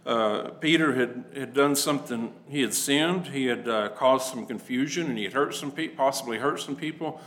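A man's voice: mid-range voice, moderate pace, hardly any pauses, fairly bright tone, rough recording. A man teaching a conversational Bible class to a congregation, plain-spoken and acting out the people he quotes.

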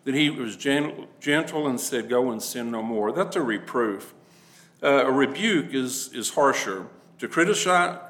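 A man's voice: medium pitch, a bit bright, poor audio. Guy giving a bible class, talks plain and casual, does little voices for the people he quotes. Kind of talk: conversational Bible lesson.

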